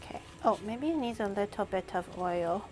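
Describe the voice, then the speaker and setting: A woman's voice: medium pitch, animated, normal speed, darkish tone, soft background music. A young woman chatting casually on a cooking livestream, thinking aloud and snapping back at her chat. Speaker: cooking streamer.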